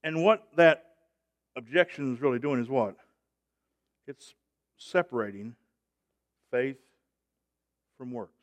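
A man preaching a sermon, emphatic, with call-and-response and loud rising peaks. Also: mid-range voice, expressive, slow, pauses often.

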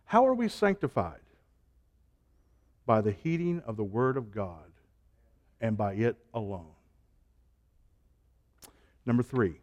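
A man preaching a sermon, stacking emphatic repeated phrases and dropping to a low, quiet delivery between them.

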